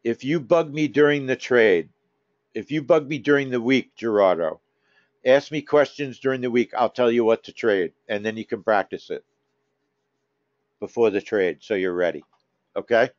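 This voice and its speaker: A man's voice: mid-range voice, no room sound. A man hosting a live trading room, talking casually to members by name, coaxing and teasing them. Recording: dull, dry lo-fi stream audio.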